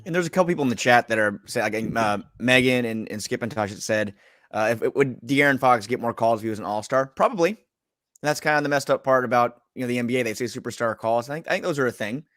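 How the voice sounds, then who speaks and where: A man's voice: medium pitch, fast, a bit bright, no echo, studio quality. A man hosting a sports radio show, talking casually and reading from the live chat. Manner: casual, rambling, with fillers.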